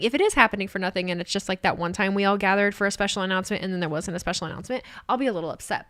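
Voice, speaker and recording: A young woman hosting a casual livestream, excitable and swearing freely as she reacts to chat comments. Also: on the high side, no echo. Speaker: livestream host.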